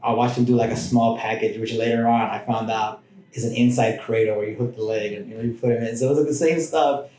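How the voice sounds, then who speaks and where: Man, podcast guest, loose rambling storyteller, warm dark tone, echoey room. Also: medium pitch, steady tone, quick pace. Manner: rambling, with frequent restarts and asides. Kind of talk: casual personal storytelling. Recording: roomy echoing room.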